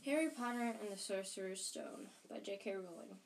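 Woman amateur audiobook reader, middle pitch; casual, unpolished read with restarts. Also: moderate pace, faint music behind. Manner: plain, unpolished reading with restarts. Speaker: audiobook reader and podcast host.

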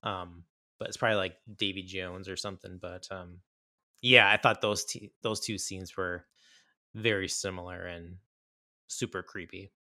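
Bright-voiced man chatting about films. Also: sits low, fairly even intonation, moderate pace, no room sound, studio quality. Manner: rambling, enthusiastic, many fillers and restarts. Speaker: podcast co-host. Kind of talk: casual film chat.

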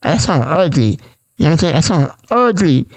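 A man's voice: fairly high pitch, very animated, moderate pace. A man hosting a raw, unscripted solo podcast, rambling and repeating himself with lots of fillers and restarts. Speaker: podcast host.

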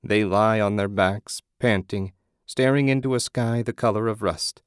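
A man giving steady, measured scripted narration of an audiobook. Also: on the low side, clear, resonant tone, no echo, clean studio sound.

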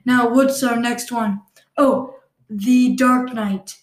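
A woman's voice: fairly high pitch, fairly even intonation, slow. A woman hosting a casual comedy podcast, playful and rambling. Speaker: podcast host. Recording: roomy echo.

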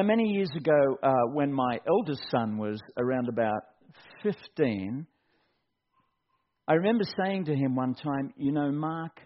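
A middle-aged man preaching a sermon, animated and acting out quotes in mock voices. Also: fairly high pitch. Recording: dull lo-fi recording.

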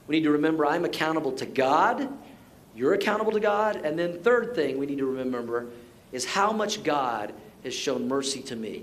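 A middle-aged man preaching a sermon as pastor, telling stories in a relaxed conversational way, often repeating words and adding asides. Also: on the high side, slight background noise.

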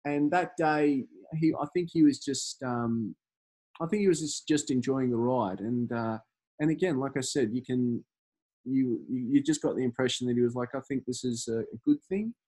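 A man in his thirties, a guest in a casual interview, talking in a halting way with many fillers and restarts. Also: medium pitch, warm tone. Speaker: campaign organiser, guest.

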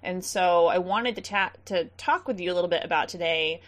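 Woman, podcast host, casual interview talk, ums and laughs, lowish pitch. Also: brisk. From central Massachusetts. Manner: chatty, with frequent ums and laughs.

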